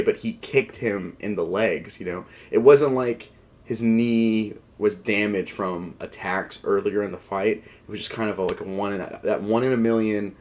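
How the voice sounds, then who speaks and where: Rambling, low-voiced male fight-show host. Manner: rambling, filler-heavy, quick asides; wry, joking, laughs at himself. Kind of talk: casual commentary.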